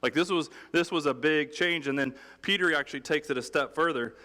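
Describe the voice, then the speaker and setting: A man's voice: on the high side, a little fast, sharp tone. Man preaching casually in a reverberant hall. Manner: conversational, humorous, acts out quotes. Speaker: pastor. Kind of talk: sermon.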